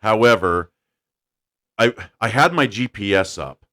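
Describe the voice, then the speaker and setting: A man hosting a podcast, telling a story in a casual, animated way and laughing as he goes. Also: on the low side. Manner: animated, laughing storyteller doing quick voices. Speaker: podcast host.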